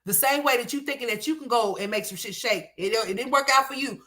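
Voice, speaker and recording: A woman delivers reaction commentary in a bright, forceful voice that sits a little high. She talks in a blunt, profane way, scolding her subject without softening anything. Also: fast talker. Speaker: commentary host.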